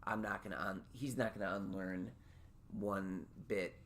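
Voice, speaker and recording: A man with an extremely low voice hosts a casual podcast chat. He rambles candidly and restarts his sentences often. Faint noise sits behind him. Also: fairly even intonation, unhurried, a bit bright. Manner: rambling, self-interrupting, candid. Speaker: podcast host.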